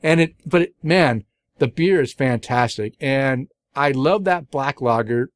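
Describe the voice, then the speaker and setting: A man's voice: mid-range voice, measured pace, no room sound, studio quality. A middle-aged man hosting a podcast, chatting casually and enthusiastically about beers he has tried, rambling with fillers and restarts. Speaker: beer podcast host. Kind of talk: casual beer review chat.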